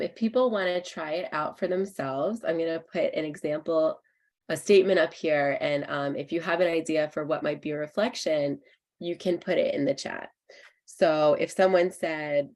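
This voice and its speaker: A woman in her thirties leads an online workshop, explaining each idea patiently and warmly. Her voice sits low, and she fills pauses with soft ums as she speaks over a video call. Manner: friendly, explanatory, frequent ums. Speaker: clinical psychologist presenting a workshop.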